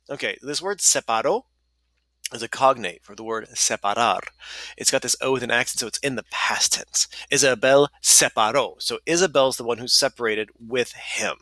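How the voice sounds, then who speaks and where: A young man talks his students through a lesson in a chatty, self-correcting way. His voice is very bright and sits at an ordinary pitch. The sound is close and dry, with no room around it. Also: normal speed, no echo. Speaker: Spanish teacher. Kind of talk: recorded class lesson, reading and explaining.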